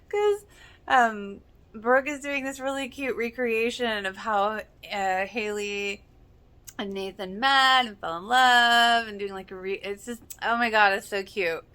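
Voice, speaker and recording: Excitable woman gushing over a TV episode. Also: on the high side, takes it slowly, pauses often, smooth. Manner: excitable, gushing, laughs often. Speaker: podcast host reacting to a TV episode. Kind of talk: casual reaction commentary.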